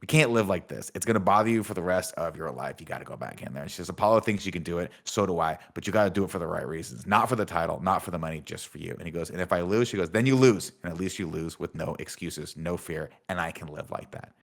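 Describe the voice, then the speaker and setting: A man in his thirties casually recapping a movie's plot as a podcast host, in a deadpan manner. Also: low voice, fast, creaky, few pauses. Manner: deadpan, reads out film dialogue in recaps.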